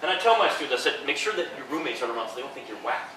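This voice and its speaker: A man giving an informal, enthusiastic lecture to students as a professor, upbeat and quick to laugh. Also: mid-range voice, big pitch swings. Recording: echoey hall, distant mic, background noise.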